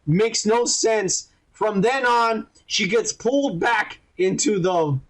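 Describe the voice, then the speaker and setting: High-voiced man recapping with profanity. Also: slow. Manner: profane, rambling, animated retelling with quoted voices. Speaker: podcast host reviewing a TV episode. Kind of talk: casual podcast recap.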